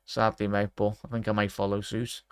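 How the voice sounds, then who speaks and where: A man's voice: fairly low pitch, flat delivery, brisk, clean tone, no room sound, studio quality. A young man in his twenties from England, hosting a live football watchalong stream, chatting with viewers, reading out their messages and commenting on the match. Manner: chatty, reads out viewer messages, calls everyone mate.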